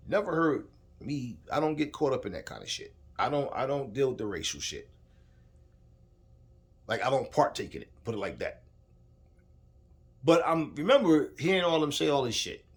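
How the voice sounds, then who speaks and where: A man giving a heated, profane rant about boxing, repeating himself and addressing the fighter directly. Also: fairly high pitch. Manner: heated, profane, repetitive, talks straight at the subject. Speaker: boxing commentator. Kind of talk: casual ranting commentary.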